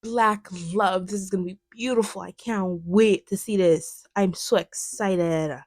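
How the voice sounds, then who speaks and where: A young woman talks through a film in a loose, animated chat, her voice sitting in an ordinary middle pitch. She leans on fillers and talks like she's catching up with a friend. The sound is dry and close, with no room around it. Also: a little slow, no echo. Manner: animated, chatty, lots of fillers. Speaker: video essayist. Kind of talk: casual film commentary chat.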